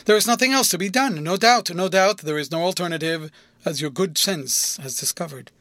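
A man voicing a prudent, evasive older cathedral dean in an audiobook, speaking smoothly and hedging every point. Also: high voice, brisk, fairly bright tone, no echo. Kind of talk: audiobook character voice.

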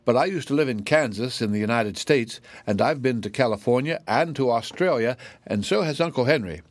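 A man voicing an earnest little girl in a storybook, speaking gravely and plainly. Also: medium pitch, animated, brisk, no room sound, natural voice. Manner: grave, explaining.

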